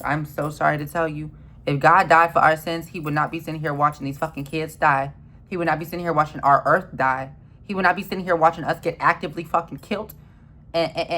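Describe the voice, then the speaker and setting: A woman in an impassioned, swearing rant who repeats herself and swings between loud outbursts and low mutters.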